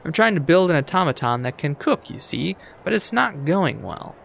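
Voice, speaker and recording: A man reading as a fussy gentleman inventor. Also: on the high side, sing-song, moderate pace, vocal fry, slight background noise, voice pushed up, exaggerated voice. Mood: mournful. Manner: fussy, dismissive. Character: upper-class English gentleman inventor, fussy.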